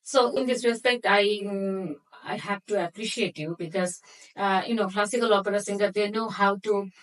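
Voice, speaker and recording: Woman host asking halting questions. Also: medium pitch, low-quality recording. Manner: halting, searching for words, non-native phrasing. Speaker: interview host. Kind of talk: interview questions.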